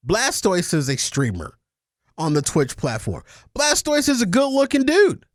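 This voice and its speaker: A man's voice: sits high, wildly swooping pitch, measured pace, no echo, clean studio sound. A man co-hosting a casual podcast, ranting emphatically and swearing often. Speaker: podcast co-host.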